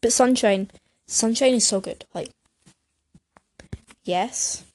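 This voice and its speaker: A woman's voice: on the high side, takes it slowly, a little mellow. Hyper, rambling young woman. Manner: hyper and scattered, many fillers and restarts. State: out of breath. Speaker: vlogger. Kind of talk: rambling casual monologue. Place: bedroom, sitting on a creaky bed. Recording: noisy home recording.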